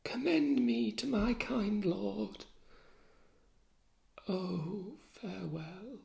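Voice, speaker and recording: A gentle young woman near death speaks in a high, faint voice, read by a man. Her words come slowly, in a near whisper. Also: creaky, full character voice. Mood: dying. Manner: soft, faint and slow. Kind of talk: dramatic reading of a play.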